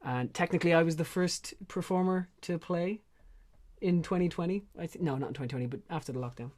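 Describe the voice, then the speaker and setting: An Irish man, a songwriter guest, casually and effusively introducing his song with animated storytelling. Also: a little high, fast talker. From Ireland.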